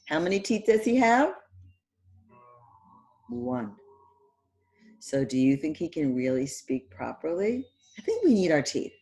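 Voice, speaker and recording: A middle-aged woman hosting a story hour for young children, animated, asking questions and sounding out letters. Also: low-pitched. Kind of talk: read-aloud for young children.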